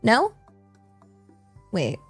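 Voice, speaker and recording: A woman's voice: very slow, no room sound, faint music behind. A playful, giggly woman with a West Country English accent, chatting casually with her live-stream audience. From England. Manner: playful, giggly, thanks chat in Japanese.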